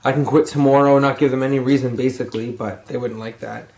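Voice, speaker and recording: Brief: weary young guy, mid-pitch, casual and cursing, roomy home echo. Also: fairly even intonation, fast talker, darkish tone. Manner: rambling, profane, yawning and sighing. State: tired. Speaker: vlogger, lumber yard crew lead. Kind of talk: rambling casual advice vlog. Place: room at home.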